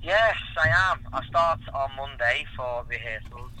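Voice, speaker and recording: A man as a radio guest, telling stories in a relaxed way and often repeating words. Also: mid-range voice, measured pace, a little hiss or hum, low-quality recording. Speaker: guest performer. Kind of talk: casual chat.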